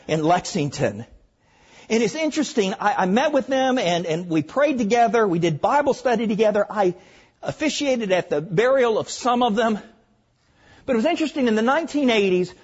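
An older man with a Southern accent, from Arkansas, preaching a sermon, stressing points loudly and then dropping to hushed asides. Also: high voice, breathy edge, highs cut off. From Arkansas, USA. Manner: emphatic, swings between loud stresses and hushed asides.

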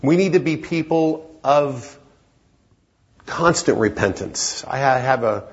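A man's voice: mid-range voice, animated, takes it slowly, dull audio. A man preaching a sermon in an earnest, emphatic way that climbs into urgent pleading.

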